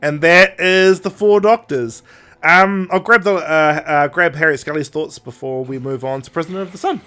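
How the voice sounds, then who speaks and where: Animated young man recapping a story. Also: on the high side, clear, resonant tone. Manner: animated retelling with quick put-on quotes and laughs. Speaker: podcast host. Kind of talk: casual chat recapping a story.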